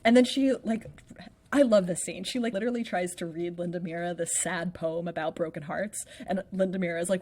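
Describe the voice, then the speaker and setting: A podcast co-host, a woman with a slightly low voice, talking her way through a play's plot in relaxed chat. She's playful and chatty, with plenty of "like" sprinkled through her sentences. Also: fairly quick. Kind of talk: casual chat recapping a play.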